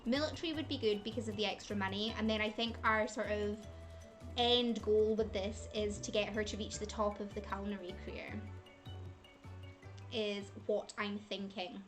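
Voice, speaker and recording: A woman's voice: mid-range voice, fairly bright tone. A woman giving casual commentary while playing a life-simulation game, chatting to her characters and laughing often. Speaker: gaming channel host.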